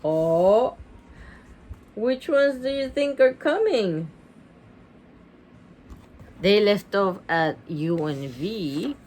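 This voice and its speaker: A woman reading a picture book aloud with animated, chatty asides, gasping and laughing as she goes. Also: mid-range voice, extremely slow, pauses often, slight background noise. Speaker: reader.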